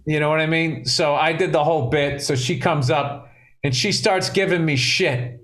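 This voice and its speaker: A man's voice: a little high, steady tone, moderate pace, a bit bright. A male comedian co-hosting a casual podcast, telling profane stories and laughing through them.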